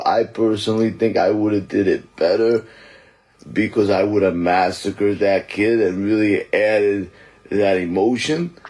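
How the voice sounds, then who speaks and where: A man doing a comic impression of a gruff aging male action-movie star, rambling slowly and deadpan. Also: lowish voice, lightly acted, rough recording.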